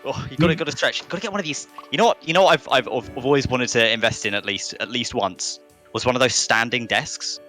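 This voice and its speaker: A man's voice: mid-range voice, quick pace, pushed and bright, soft background music. A man co-casting an online fighting game tournament, trading upbeat, joking banter with his partner. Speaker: co-caster. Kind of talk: casual live stream commentary. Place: home, indoors.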